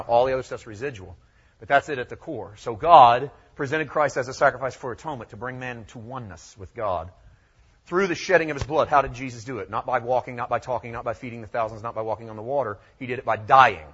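A male pastor preaching a sermon, asking rhetorical questions and repeating key phrases, swinging from quiet low phrases to loud high ones. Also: fast talker, slightly rough, dull audio.

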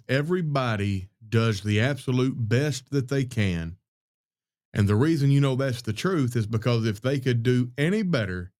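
Folksy man preaching on a podcast. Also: medium pitch. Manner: folksy, conversational, calls listeners "y'all" and "buddy"; loud speaker by his own account. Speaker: podcast host. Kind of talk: preaching-style podcast talk on scripture.

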